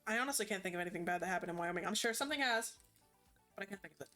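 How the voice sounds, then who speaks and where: A woman's voice: medium pitch, animated, very fast, pushed and bright, faint music behind. A woman streamer chatting casually as she plays, rambling and hesitant with many ums.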